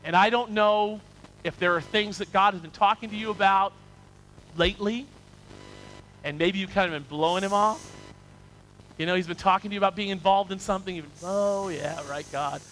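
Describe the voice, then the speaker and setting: A man's voice: sits high, steady tone, a little fast, pauses often, a bit bright, a little hiss or hum, poor audio. A male pastor preaching a sermon, acting out people's excuses in quoted voices and reading scripture aloud.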